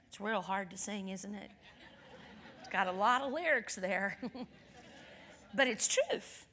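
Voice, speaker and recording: A woman guest minister preaching a sermon, telling a story with acted quotes and building to loud, fervent declarations. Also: fairly high pitch, lively intonation, brisk, in a large hall.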